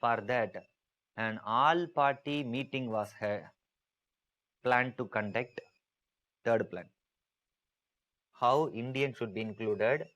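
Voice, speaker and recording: A man's voice: medium pitch, slow pace, long pauses, fairly bright tone, rough recording. A male teacher giving an online exam-prep lecture, repeating key points with emphasis and asking students to type their answers.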